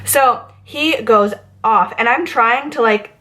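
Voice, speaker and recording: A woman from Massachusetts rants through a storytime vlog about bartending. She talks in a chatty, animated way, full of fillers and asides. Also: fairly high pitch, slow pace. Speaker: vlogger, former bartender. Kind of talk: storytime rant.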